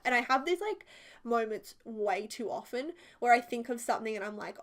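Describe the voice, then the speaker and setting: A woman's voice: fairly high pitch, expressive, moderate pace. A woman, chatting casually and rambling through a voiceover for her building video, full of filler words. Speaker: video creator.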